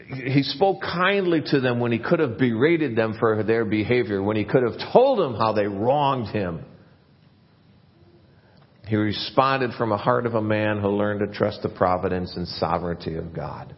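A man preaching a sermon as pastor, earnest, his voice rising and growing louder when he stresses a point. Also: lowish voice, normal speed, in a large hall, highs cut off.

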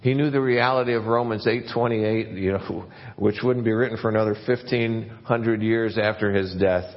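A low-voiced man preaches an earnest sermon, his voice climbing and swelling when he drives a point home. The church recording is dull and muffled. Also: fairly even intonation, moderate pace, long reverb tail. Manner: earnest preaching, rising and getting louder when stressing a point. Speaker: pastor.

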